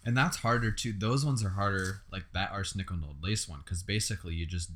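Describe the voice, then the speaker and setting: A man hosting a podcast, asking easygoing questions in a relaxed casual chat. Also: sits low, brisk. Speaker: podcast host.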